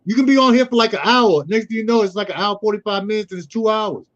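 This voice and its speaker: High-voiced middle-aged man telling stories. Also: fast talker, fairly bright tone, dull audio. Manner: storytelling, acts out quoted dialogue. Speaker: guest, youth mentor. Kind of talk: casual conversational interview.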